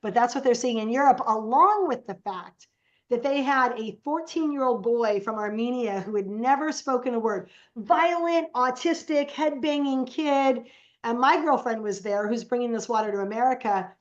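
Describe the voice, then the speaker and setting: A woman's voice: fairly high pitch, moderate pace, muffled recording. A woman guest on a podcast, telling stories casually and animatedly and acting out the voices she quotes. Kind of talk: casual storytelling.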